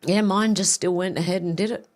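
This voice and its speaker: A woman hosting a live stream, reading viewer comments aloud and reacting with quick asides. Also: on the low side, steady tone.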